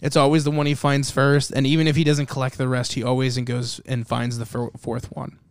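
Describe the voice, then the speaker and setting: Man, mid pitch, dry close sound, loose rambling delivery, swears freely. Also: level tone, brisk, smooth, no echo. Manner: rambling, profane, lots of "like". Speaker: podcast co-host. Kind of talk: casual chat.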